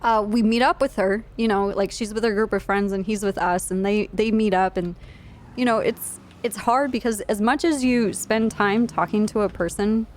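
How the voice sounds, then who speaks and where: A woman's voice: mid-range voice, fairly even intonation, normal speed, a little mellow. A woman streamer in her twenties tells a blunt, profane, rambling story, full of fillers, in casual chat. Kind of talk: casual storytelling while live streaming a game.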